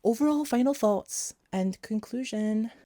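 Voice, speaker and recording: A man's voice: high-pitched, measured pace, warm tone, no echo, studio quality. A young man talking casually as a music reviewer, sarcastic and exasperated, with jokey asides. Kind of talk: casual album review vlog.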